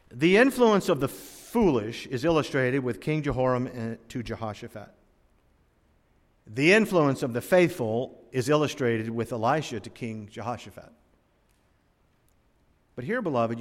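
A man in his sixties, from North Carolina, preaching a sermon with stories, swinging between emphatic rises and quiet drops. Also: medium pitch. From North Carolina, USA. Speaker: pastor. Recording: long hall reverb.

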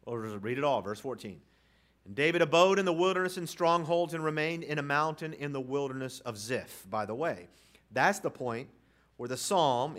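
A man preaching a sermon in a church, reading scripture slowly and swinging between loud declarations and hushed, low lines. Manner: reads scripture aloud with deliberate slow pauses. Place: church sanctuary.

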